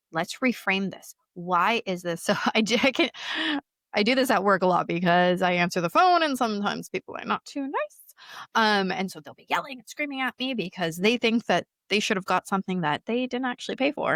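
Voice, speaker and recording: A woman's voice: medium pitch, fairly bright tone, dry recording, clean studio sound. A woman speaking candidly in an interview, telling her own story openly and animatedly, often breaking into laughter. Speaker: guest.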